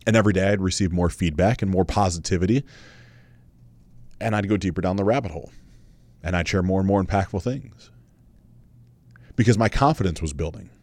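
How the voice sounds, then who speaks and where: A man in his thirties with a fairly low voice tells his own story on his podcast. He speaks candidly and earnestly, repeats phrases for emphasis and swears now and then. The sound is dry and close, with no room around it. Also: a little fast, pauses often, a little mellow, no room sound. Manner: candid, conversational, swears casually. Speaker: podcast host. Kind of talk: personal storytelling monologue.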